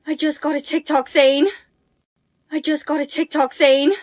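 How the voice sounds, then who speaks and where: High tts lady voice, flat robotic storytime, dead dry. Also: normal speed, dry recording. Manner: flat synthetic narration. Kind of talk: text-to-speech storytime.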